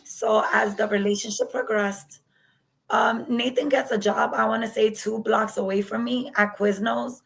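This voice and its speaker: A woman with a fairly high, steady voice and vocal fry talks at normal speed in a low-quality recording. Appearing as an interview guest, she candidly relates what happened to her and plays out old conversations.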